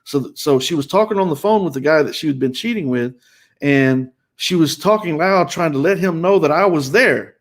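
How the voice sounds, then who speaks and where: Male host, raw and emotional storyteller, fairly high voice, stumbling restarts. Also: lively intonation, moderate pace. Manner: emotional, many restarts and repetitions.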